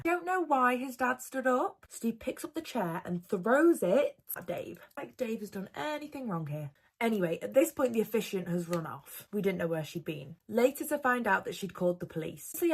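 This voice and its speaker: A woman narrating a dramatic personal story, swinging between hushed asides and loud outbursts. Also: mid-range voice.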